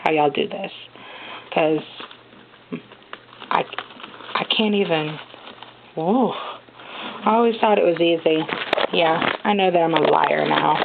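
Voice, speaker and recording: A young woman filming an unboxing vlog one-handed at home, chatty and excitable, often gasping over what she finds. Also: lowish voice, gravelly. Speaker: vlogger unboxing a gift. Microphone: handheld phone camera. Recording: tinny phone-like audio with noise.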